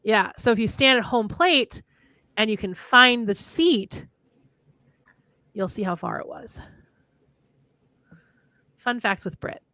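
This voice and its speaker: A woman's voice: on the high side, animated, a little slow, long pauses, sharp tone, no echo. A young woman from Minnesota chatting on a livestream, rambling through fun facts. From Minnesota, USA. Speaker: livestream co-host, author. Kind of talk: casual chat.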